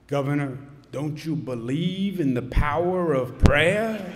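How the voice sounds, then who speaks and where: A man's voice: fairly high pitch, expressive, takes it slowly. A man imitating a pastor who speaks in a dry, knowing drawl. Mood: wry. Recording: long church reverb.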